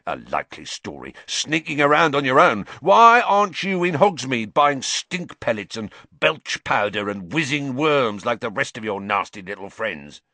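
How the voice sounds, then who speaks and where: A man's voice: mid-range voice, sing-song, moderate pace, hardly any pauses, pushed and bright, no room sound, pitched above the performer's own voice, exaggerated voice. A man voicing a suspicious, snarling old caretaker. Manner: snarling, spitting.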